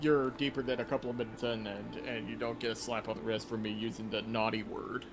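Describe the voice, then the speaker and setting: A man in casual voice chat during a game stream who sounds loud on his mic and repeats himself when he explains things. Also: lowish voice, little pitch movement, fast, soft background music.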